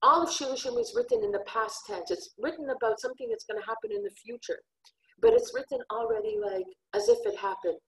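A woman's voice: fairly high pitch, gravelly, low-quality recording. A woman giving an earnest, heartfelt religious lesson on scripture. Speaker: Torah teacher.

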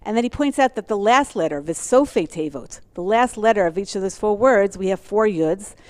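A woman teaching a religious class, talking fast and eagerly as she works through her source sheets. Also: medium pitch, animated.

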